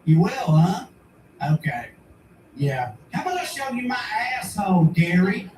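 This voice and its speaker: Guy doing a sassy cat, mocking and defiant, kinda high, mic a bit far off. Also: sing-song, a little slow. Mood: taunting. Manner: sarcastic, taunting. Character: smug defiant house cat, male. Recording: roomy and distant with ambient noise.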